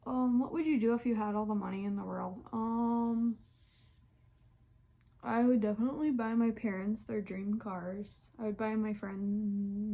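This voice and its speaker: A young woman talks through a casual solo vlog, candid and full of fillers. Her voice sits fairly high but sounds mellow and gravelly, and she often sinks into a soft, near-whispered tone. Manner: chatty, candid, lots of fillers. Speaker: vlogger.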